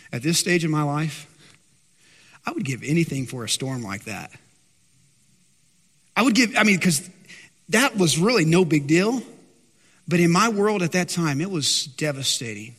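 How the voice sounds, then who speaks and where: A male pastor preaching a sermon, rising loud on his questions and dropping soft and low for his stories. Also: in a large hall. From Texas, USA.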